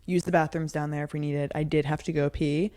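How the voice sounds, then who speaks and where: A young woman co-hosting a podcast, telling stories in an animated way and acting out her own thoughts with laughs. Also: low voice, brisk. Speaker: podcast co-host. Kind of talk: casual chat.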